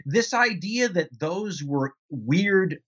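A man's voice: high voice, lively intonation, takes it slowly, a bit bright, slightly rough. Discursive man with muffled audio. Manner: discursive, restarts often, rhetorical "right?". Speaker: author guest. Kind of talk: conversational interview answers.

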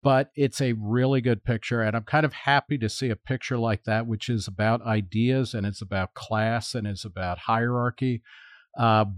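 Blunt, low-voiced man giving opinions. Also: no echo, clean studio sound. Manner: blunt and opinionated, with many fillers. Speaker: podcast panelist. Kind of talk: casual chat.

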